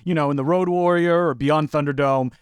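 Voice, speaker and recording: A man co-hosting a film podcast, talking casually and jokingly, with animated, incredulous asides. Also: a little high, fairly quick, clean tone, no room sound. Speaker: podcast co-host.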